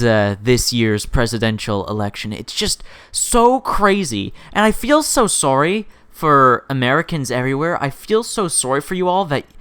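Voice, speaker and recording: A man in his twenties ranting in an unscripted vlog, rambling and sarcastic, with sudden jumps in pitch. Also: fairly bright tone, clean tone, no echo. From Canada. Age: 20s. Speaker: gaming YouTuber.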